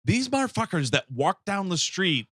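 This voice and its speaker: A man's voice: high voice, big pitch swings, moderate pace, sharp tone, dry recording. A man co-hosting a comedy podcast, ranting in casual chat and swearing freely. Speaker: podcast co-host.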